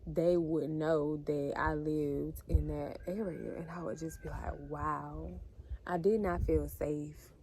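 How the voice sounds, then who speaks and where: A woman vlogger telling a heartfelt personal story straight to her viewers, speaking earnestly and warmly addressing them as a group. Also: low-pitched, measured pace, few pauses. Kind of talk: emotional storytime monologue. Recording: steady background noise.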